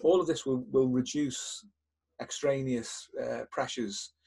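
An older male therapist hosting a podcast, explaining a method step by step in a calm, instructive way with frequent restarts and repeated words. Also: medium pitch, unhurried, creaky, slightly rough.

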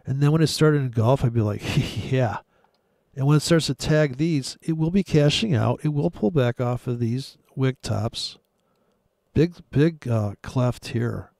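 Gravelly laid-back trader talking charts. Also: male voice, mid-range voice, a little slow, darkish tone, no echo, clean studio sound. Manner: crude, sarcastic, mocking. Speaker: forex trader. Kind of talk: casual trading commentary over live chart.

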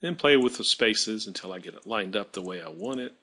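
A male math teacher narrates a screen-recorded tutorial, his voice bright and a little husky. His pitch moves up and down a lot, and he thinks aloud as he works, stopping to fix his own mistakes. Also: huge pitch swings, brisk. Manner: thinking aloud while working, self-correcting.

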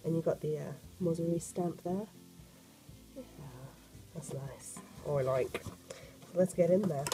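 A woman, croaky from a cold, chatting excitedly as she unboxes a sketchbook for an art vlog. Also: deep voice, measured pace, soft background music, low-quality recording. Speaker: art vlogger.

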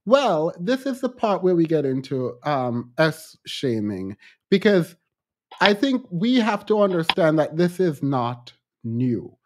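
A man co-hosting a casual commentary podcast, reacting in an animated, exasperated way. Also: takes it slowly. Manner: animated, exasperated commentary with sudden pitch jumps. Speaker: podcast co-host.

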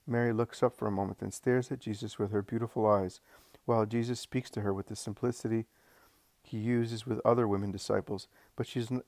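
Male devotional reader, low-pitched, calm, dry close recording. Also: no room sound. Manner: calm, unhurried, occasional slips and restarts. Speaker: audiobook reader. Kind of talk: devotional scripture-style reading.

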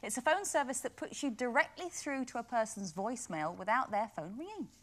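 Upbeat female anchor, lively intonation, studio chat. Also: a little high, brisk. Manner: upbeat, reads links and leads the chat. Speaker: anchor host. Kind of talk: chat show presenting.

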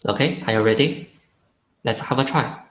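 A man's voice: mid-range voice, normal speed, a bit bright, echoey room, poor audio. A man teaching a lesson in English, patiently repeating syllables for drills. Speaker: Chinese teacher. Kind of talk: language lesson.

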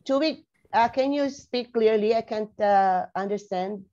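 A woman's voice: mid-range voice, a little slow, mellow, muffled recording. A woman teaching a grammar lesson online, spelling words out letter by letter and checking in with "okay?" after many points. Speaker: English teacher.

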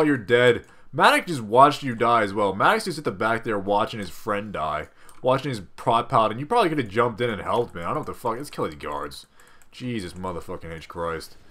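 Young Australian man, gameplay commentator, profane and excitable, bright forward tone, desk mic. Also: lowish voice. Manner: excitable, swears constantly, yells at game characters. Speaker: gaming video host.

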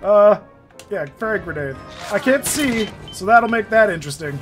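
A man giving casual let's-play commentary, excitable and jokey, swearing and laughing often. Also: sits high, normal speed. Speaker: gameplay streamer. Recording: faint game music behind.

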